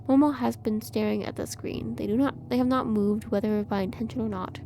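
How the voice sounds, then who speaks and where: A woman reading aloud a horror visual novel with measured, eerie narration. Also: fairly high pitch, steady tone, warm tone, a little hiss or hum. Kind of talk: dramatic game narration.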